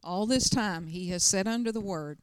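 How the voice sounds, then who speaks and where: Smooth-voiced woman preaching emphatically. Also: medium pitch, normal speed, dry recording, clean studio sound. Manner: emphatic, swings to loud urgent bursts. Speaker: pastor. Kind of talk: sermon with personal storytelling.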